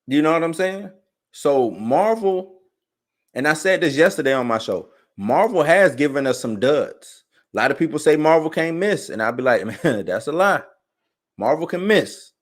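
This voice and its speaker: Animated man hosting a casual live show. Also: fairly high pitch, moderate pace. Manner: animated, conversational, frequent "you know what I'm saying". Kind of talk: casual live-stream commentary.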